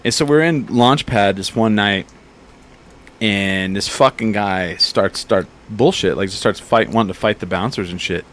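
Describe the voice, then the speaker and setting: A man in his thirties with a fairly low voice hosts a casual chat. He tells profane, animated stories and acts out the people in them. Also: moderate pace. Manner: profane, animated storyteller acting out bar fights. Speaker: podcast host.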